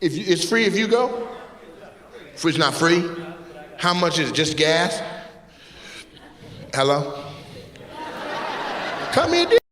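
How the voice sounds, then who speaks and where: A man doing stand-up crowd work on a club stage, teasing audience members in a loud, playful way, laughing often. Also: fairly high pitch, lively intonation, slow, pauses often. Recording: live club audio with audience noise.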